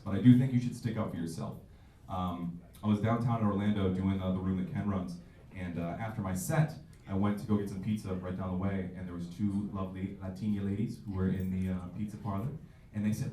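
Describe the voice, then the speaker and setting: A man's voice: low voice, brisk, warm tone, slight background noise. Brief: twenties male stand-up comic, self-mocking, jumps into voices, roomy distant club audio. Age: 20s. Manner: loose, self-mocking delivery with jumpy acted-out voices. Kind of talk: stand-up comedy set. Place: comedy club stage. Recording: echoey club audio from far off.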